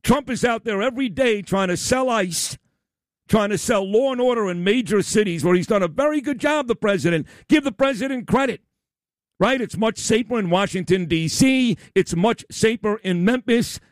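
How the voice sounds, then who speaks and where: Male talk radio host, high animated voice, combative ranter, blunt and profane, dry studio sound. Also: normal speed, no echo. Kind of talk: opinion radio rant.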